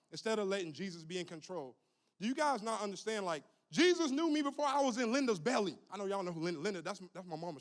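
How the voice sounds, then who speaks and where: A young adult man preaching a lively, humorous youth sermon, calling on the crowd to repeat after him. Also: sits high. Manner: animated, humorous, call-and-response with the crowd. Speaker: youth minister.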